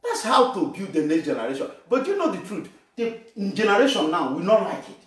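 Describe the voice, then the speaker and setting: A man from Nigeria preaching a sermon with animation, shouting and laughing as he addresses the congregation. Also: high voice, very animated, brisk. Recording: echoey room, voice from far off.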